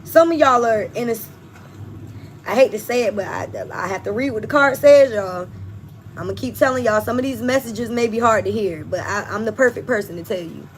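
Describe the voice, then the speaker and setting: Woman, tarot reader, fairly high voice, blunt and emphatic, swears, talks straight to "y'all". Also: fairly quick, a little hiss or hum, low-quality recording. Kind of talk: collective tarot reading to viewers.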